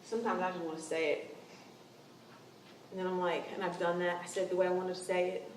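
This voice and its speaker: A young adult woman giving a casual seminar talk to a team about client relations, conversational and animated. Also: on the low side, fairly quick, long pauses. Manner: conversational, animated, acts out quoted lines. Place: meeting room with an audience. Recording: roomy room sound, distant mic, faint noise.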